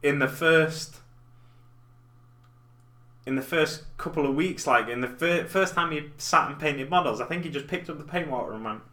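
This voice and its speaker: Man, 30s, live-stream host; bright tone, chatty and self-deprecating. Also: fairly high pitch, moderate pace. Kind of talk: casual chat while painting miniatures. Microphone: desk mic in front of keyboard.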